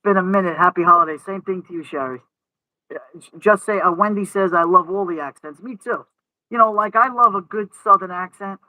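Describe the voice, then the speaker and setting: A brisk, high, bright voice with a forceful edge comes through a dry, rough recording. The man, a Brooklyn-accented livestream host, is hanging out under an umbrella in the night wind, chatting casually and cracking jokes in thick New York speech.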